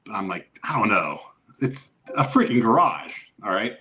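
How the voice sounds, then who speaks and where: A man's voice: lowish voice, normal speed. A middle-aged man, a guest on a casual podcast, telling a long story with swearing and acted-out quotes. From Youngstown area, Ohio, USA. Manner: animated storyteller who swears and acts out quotes.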